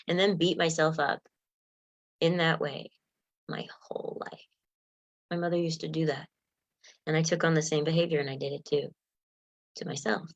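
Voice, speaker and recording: Earnest low-voiced woman giving a self-help talk. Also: flat delivery, normal speed, creaky, long pauses. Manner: earnest, emotional, laughs often, acts out inner voices. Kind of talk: motivational talk.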